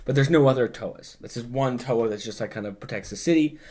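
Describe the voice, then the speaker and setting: A man's voice: mid-range voice, fairly quick, a little mellow. A man hosting a podcast, recapping in casual chat and rambling, with plenty of filler words and swearing. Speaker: podcast host.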